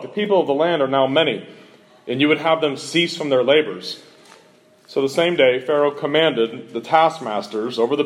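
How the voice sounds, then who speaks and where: A male pastor in a church, preaching and reading scripture aloud, lifting his voice for the quoted speakers. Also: medium pitch.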